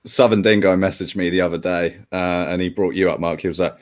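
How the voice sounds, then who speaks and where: A man's voice: deep voice, steady tone, brisk. A man speaking as a guest on a livestream panel chat, in a casual, wry way.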